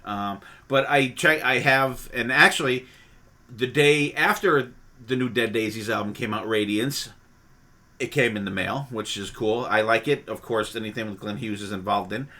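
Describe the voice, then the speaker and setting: A man's voice: on the low side, moderate pace, sharp tone. A man hosting a podcast in casual chat, rambling with frequent restarts and casual swearing. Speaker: podcast host.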